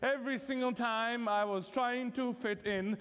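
In an unhurried, smooth, fairly bright and very high voice with fairly even intonation, a Serbian guest preacher addresses a university vespers service. His Serbian-accented sermon is conversational and funny with lots of casual fillers, echoing with the long reverb of the chapel hall.

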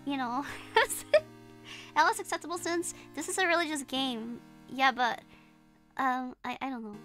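Bright, high-voiced giggly woman streamer. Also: measured pace, soft background music. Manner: giggly, rambling, lots of ums and restarts. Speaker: streamer playing a horror game. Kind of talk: casual gameplay chat.

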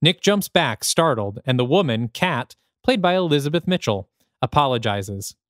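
A man's voice: mid-range voice, animated, normal speed, a bit bright, no echo, clean studio sound. A man, the host of a podcast, reading his own screenplay aloud with dramatic, descriptive present-tense narration.

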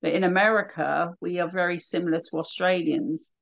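A woman's voice: fairly low pitch, fairly even intonation, fairly quick, creaky, muffled recording. A middle-aged woman from near London with a Southern English accent, a radio DJ chatting and laughing as she tells stories. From England, near London. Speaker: radio DJ guest. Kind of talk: casual chat.

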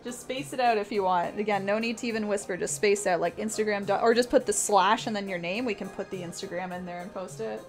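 Faint music plays behind a young woman from Canada who streams herself painting, talking quickly with few pauses in a medium-pitched voice. She keeps the chat casual, laughs a lot, and reads viewers' messages out loud.

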